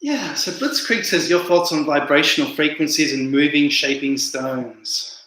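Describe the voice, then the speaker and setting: A man's voice: on the high side, unhurried, bright, forceful tone. A man hosting a casual livestream, rambling and repeating words as he answers viewer comments. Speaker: livestream host reading chat. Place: indoor room, home livestream. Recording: very echoey room.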